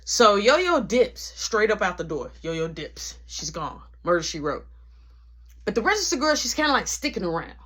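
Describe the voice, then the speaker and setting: A woman telling a story about her workplace in a casual vlog, animated and full of slang. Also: mid-range voice, normal speed, husky. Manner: animated, slangy, breaks into quoted voices.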